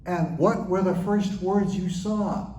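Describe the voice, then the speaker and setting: A man's voice: high-pitched, takes it slowly, dark tone, echoey room, slight background noise, pitched above the performer's own voice, low-quality recording. A man voicing a curious pastor questioning a businessman.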